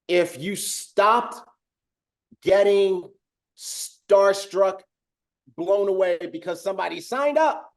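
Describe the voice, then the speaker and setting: A man hosting a business training call, talking in an animated way and acting out a restaurant server to make his point. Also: high voice. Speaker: host of a business training webinar. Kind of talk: energetic sales coaching talk with role-play.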